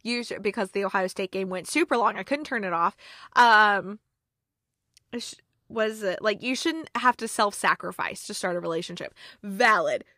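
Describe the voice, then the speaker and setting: Bright, chatty woman recapping a movie. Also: medium pitch, normal speed, no echo, studio quality. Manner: animated, laughs often, heavy use of "like". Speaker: movie review podcast host. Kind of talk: casual chatty plot recap.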